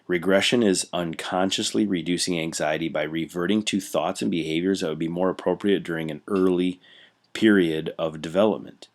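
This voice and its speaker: A man with an extremely deep voice teaches a recorded class, walking through his notes on a computer mic. He keeps it conversational, with everyday examples and plenty of small fillers. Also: fairly even intonation, normal speed. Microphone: computer mic while scrolling through notes.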